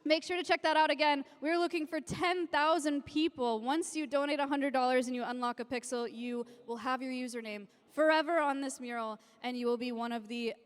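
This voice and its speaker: Excited woman on a reverberant stage. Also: sits high, a little fast, hardly any pauses, clean tone. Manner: excited, gushing, emotional. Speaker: sanctuary founder presenting on stage. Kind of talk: live-streamed stage announcement. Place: large convention hall with live audience. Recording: long hall reverb.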